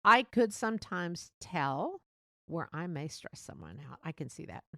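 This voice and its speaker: Fast-talking woman with a gravelly voice. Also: fairly low pitch, wildly swooping pitch, a bit bright, no echo, studio quality. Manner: fast-talking, rambling, laughs between thoughts. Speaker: podcast host. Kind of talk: casual solo podcast monologue.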